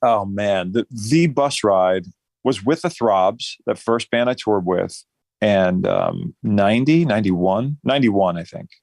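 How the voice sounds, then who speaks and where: A man's voice: lowish voice, measured pace, creaky, a little mellow, no echo. A middle-aged man from New Jersey, a musician guest telling rambling, self-deprecating stories in a casual interview.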